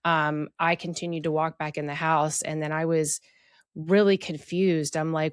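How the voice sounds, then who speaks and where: Woman telling her own story on a podcast, lowish voice, dry sound, lots of ums. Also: flat delivery, normal speed, clear, resonant tone, no room sound. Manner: candid, reflective, many fillers. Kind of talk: personal storytelling about abuse.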